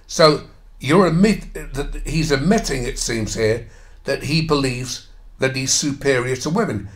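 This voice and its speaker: A man's voice: medium pitch, measured pace. Angry, sarcastic male commentator with a mid-range voice who swears constantly and tears into quoted passages. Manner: reads quoted passages, then mocks them. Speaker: commentator reacting to an article. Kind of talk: ranting commentary on a read-aloud article.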